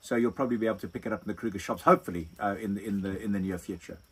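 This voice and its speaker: Recorded on a phone set on a wine box, the low-quality clip features an older South African overlanding vlogger in a relaxed Q&A. His voice sits low yet sounds fairly bright with a breathy edge, and he talks rapid-fire, rambling and repeating himself.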